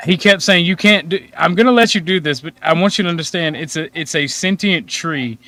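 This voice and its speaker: A man in a casual online panel chat, laughing as he tells animated anecdotes. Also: fairly high pitch, a little fast. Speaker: panel guest.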